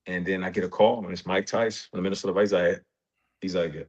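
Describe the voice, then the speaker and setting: A man in his forties, a guest in an interview, telling stories in a casual, animated way and acting out what others said. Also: quick pace. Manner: animated, rises in pitch when excited, quotes others in dialogue. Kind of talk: casual storytelling. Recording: dull lo-fi sound.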